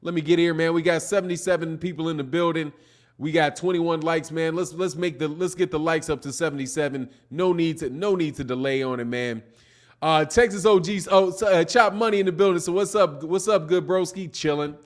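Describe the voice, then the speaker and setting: This laid-back man hosts a live boxing stream in a fairly high voice, speaking briskly. He reads viewer comments in casual, rambling chat, dropping "man" into his sentences again and again.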